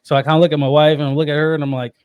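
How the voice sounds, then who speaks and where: A man in his thirties telling a personal story in casual conversation, animated and laughing often. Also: on the high side, very fast, clean tone, no echo. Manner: animated, laughs often, acts out quoted voices. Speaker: podcast guest.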